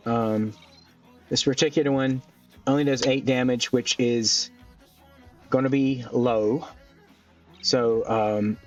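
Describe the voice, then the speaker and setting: A man casually narrating his own gameplay, thinking aloud and filling pauses with ums as he goes. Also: medium pitch, distant mic. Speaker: gaming channel host. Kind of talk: casual let's-play commentary. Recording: dull lo-fi mic a bit off, faint music. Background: faint background music.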